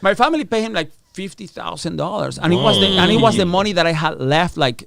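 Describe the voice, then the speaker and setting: A man's voice: sits high, fast talker, creaky, no room sound, clean studio sound. A middle-aged man, casually telling a story and acting out the voices of the people in it. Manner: animated, acts out other people's voices, swears. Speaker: guest telling his prison story.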